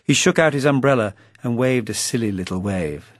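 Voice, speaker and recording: A man reading his own novel aloud as an audiobook, narrating in a dry, wry and measured way. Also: mid-range voice, animated, no room sound.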